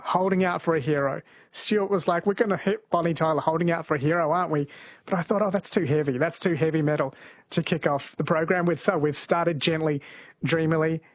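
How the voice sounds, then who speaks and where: A man hosting an overnight radio quiz in a gentle, chatty way, reading questions from a studio microphone. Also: on the high side, a little fast. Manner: gentle, chatty, laughs easily.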